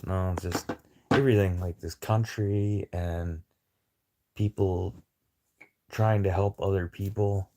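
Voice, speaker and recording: A man talks with his viewers into a phone in a loose, rambling way, swearing freely and speaking bluntly. His voice sits a little low. He takes his time, drawling slowly through each thought. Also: steady tone, mellow, a little hiss or hum. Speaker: livestreamer chatting with viewers. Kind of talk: casual rambling chat.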